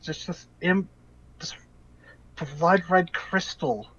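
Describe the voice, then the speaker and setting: Halting man game master, lo-fi. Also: sits high, animated, fairly bright tone. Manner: halting, restarts often while relaying an NPC's story. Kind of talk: narrating a tabletop game. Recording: dull lo-fi voice chat audio.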